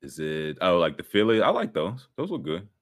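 Man, low voice, lively pitch, casual podcast chat, laughs a lot. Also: normal speed.

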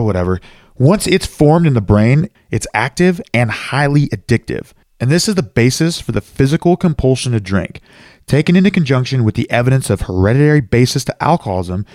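A man's voice: medium pitch, darkish tone, dry recording, clean studio sound. A man in his thirties hosting his own recovery podcast, explaining things earnestly and dropping in self-deprecating asides. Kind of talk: solo podcast monologue.

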